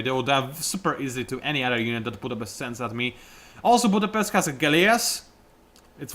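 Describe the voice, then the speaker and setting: Animated man chatting over gameplay. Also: on the high side. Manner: chatty, self-mocking, animated outbursts at the game. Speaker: gaming YouTuber. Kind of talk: casual game commentary.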